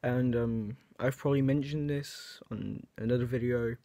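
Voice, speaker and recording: A young man vlogs straight to camera in casual chat, his medium-pitched voice dark and steady at a normal speed with no echo. He's rambling and hesitant, frequently starting sentences over and making self-mocking jokes.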